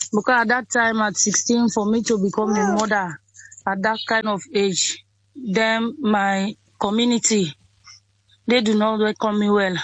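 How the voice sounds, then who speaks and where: A woman in her twenties with a Sierra Leonean accent, telling her story in an interview in simple, halting sentences that often repeat. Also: medium pitch, dry recording, poor audio. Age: 20s. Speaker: interviewee, Ebola survivor. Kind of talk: interview over a phone or call.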